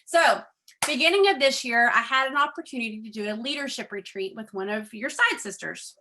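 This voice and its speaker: A woman's voice: fairly high pitch, brisk. A woman giving a chatty motivational talk to her sales team, full of fillers and acting out conversations. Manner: chatty and animated, many fillers, acts out quoted dialogue. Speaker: direct sales leader speaking to her team.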